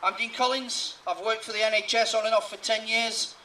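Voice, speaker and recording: A man's voice: sits high, fairly even intonation, brisk, sharp tone, echoey room, far from the mic, a little hiss or hum, rough recording. A man, a trade union rep giving a plain-spoken rally speech. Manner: plain-spoken, building to firm demands. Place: outdoor street rally.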